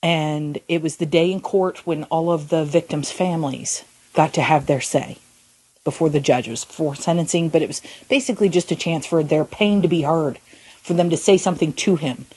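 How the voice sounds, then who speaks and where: A woman co-hosting a faith podcast, talking earnestly and haltingly, often restarting her sentences. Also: low voice, a little mellow, husky, dry recording. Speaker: podcast co-host. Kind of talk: reflective faith podcast talk.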